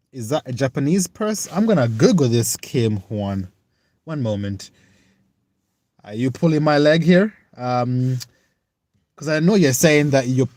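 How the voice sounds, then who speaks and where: A young man from the United Kingdom, chatting live with viewers in an earnest, reflective and halting way as he reads and answers their comments. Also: mid-range voice, darkish tone. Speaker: livestreamer.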